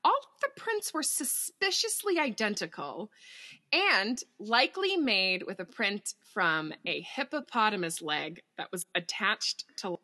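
A woman's voice: medium pitch, big pitch swings, unhurried, sharp tone. A woman co-hosting a podcast, telling a story in casual chat, giggly and freely swearing as she reads out quotes.

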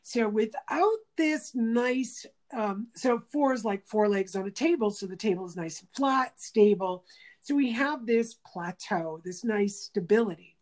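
At a measured pace, a woman whose voice is a little high tells stories casually during an interview. She acts out quoted speech with animation and restarts phrases as she thinks out loud.

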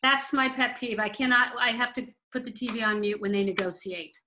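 A woman's voice: fairly high pitch, steady tone, fairly quick, sharp tone. A Canadian woman with a Canadian accent, chatting casually and correcting herself as she goes. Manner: chatty, self-correcting, laughs easily. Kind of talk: casual chat.

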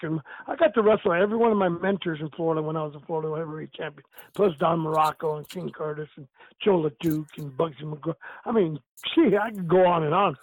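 A man's voice: on the high side, no room sound. An older man, a retired wrestler, telling stories in a casual chat over the phone. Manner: storytelling, animated. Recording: tinny phone line.

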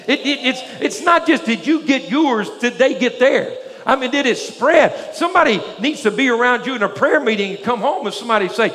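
High-voiced preaching man in a reverberant hall. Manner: energetic preaching with frequent call-and-response questions. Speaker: pastor. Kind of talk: sermon. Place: church sanctuary.

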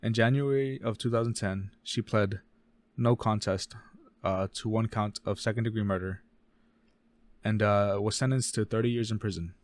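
A man co-hosting a casual true-crime podcast, reading case details fast and often stumbling and correcting himself. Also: fairly low pitch, fairly even intonation. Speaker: podcast co-host.

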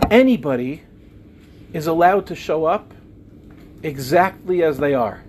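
High-voiced man telling a relationship story. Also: slight background noise. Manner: storytelling, acts out quoted dialogue in softer voices. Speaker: speaker on relationships. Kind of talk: talk to a live audience.

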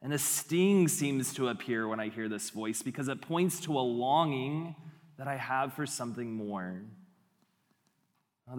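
A young man giving an earnest, reflective sermon to a congregation. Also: mid-range voice. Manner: earnest and reflective, building in intensity. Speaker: preacher. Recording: long hall reverb.

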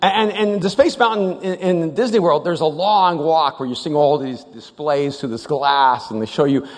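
A pastor preaches a sermon in a large church hall, and the live recording carries reverb. His voice is a little high and his pace normal as he tells stories animatedly, acts out the voices and often restarts his sentences.

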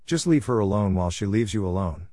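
A man's voice: on the low side, expressive, fast, mellow, no echo, clean studio sound. A man voicing an old superstitious countrywoman who speaks in grave warnings. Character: old Irish-style countrywoman, superstitious and fearful.

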